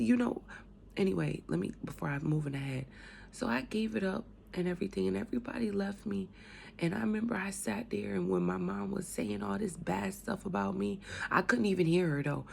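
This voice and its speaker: A woman with a cold telling her faith testimony in a casual, animated way, moving between loud outbursts and hushed whispers. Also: lowish voice, gravelly, slight background noise. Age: adult with a young son. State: has a cold, coughing. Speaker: speaker sharing her testimony.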